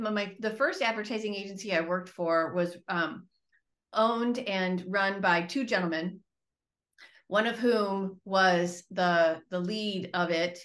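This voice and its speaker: A woman's voice: mid-range voice, a bit bright. A woman co-hosting a podcast, speaking plainly and often trailing off with a sigh. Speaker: podcast co-host. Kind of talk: casual reflective chat.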